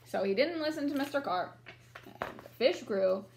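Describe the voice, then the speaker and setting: A woman teacher reads a picture book aloud to young children and stops often to ask them questions. Her voice is high and very animated, rising and falling a lot. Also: moderate pace, gravelly, slight background noise. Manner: questioning, encouraging.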